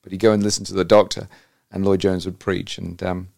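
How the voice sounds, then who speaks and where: A man's voice: deep voice, level tone, brisk, gravelly, a little mellow, no echo, studio quality. A man from England hosting an interview, enthusiastic and rambling, with many restarts as he tells stories. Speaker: host. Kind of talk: conversational interview.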